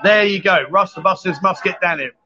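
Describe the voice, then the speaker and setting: A man's voice: sits high, fairly quick. A man hosting a casual live stream, joking, teasing his guests and reading out viewer comments. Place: busy bar. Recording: muffled lo-fi, loud bar crowd. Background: loud bar crowd.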